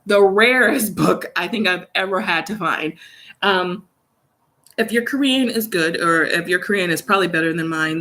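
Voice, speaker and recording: A woman's voice: medium pitch, fairly bright tone. Young woman, casual live-stream chat, rambling, filler-heavy, phone recording indoors. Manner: chatty and rambling, many fillers, laughs often. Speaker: vlogger, English teacher in South Korea. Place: her studio, indoors. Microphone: phone camera.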